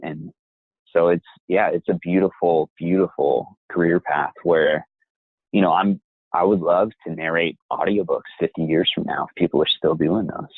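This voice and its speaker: A man's voice: low-pitched, fairly even intonation, slightly rough, dry recording. Reflective young man on a tinny line. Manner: reflective, measured and encouraging. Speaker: voice actor guest. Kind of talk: interview conversation.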